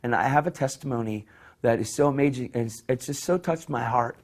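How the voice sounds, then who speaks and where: Guy preaching a sermon, fired up story, repeats himself a lot, goes soft and quiet doing the characters. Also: medium pitch, a little fast. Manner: impassioned storytelling, acts out voices softly; repeats words and restarts phrases.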